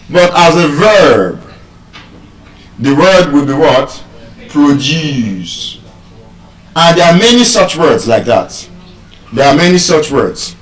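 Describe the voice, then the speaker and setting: A man teaches English pronunciation to a live audience, spelling words letter by letter and quizzing the room teasingly. His voice is mid-range and a bit bright, picked up by a distant mic in an echoey hall.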